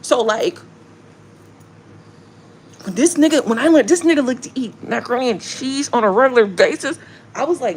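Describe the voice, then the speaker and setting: A woman's voice: fairly high pitch, moderate pace, pauses often, a little hiss or hum. A woman, chatting casually to viewers on a live stream, telling stories with lots of swearing and laughter. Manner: animated storytelling, swearing, frequent laughter. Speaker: tarot reader hosting a live stream.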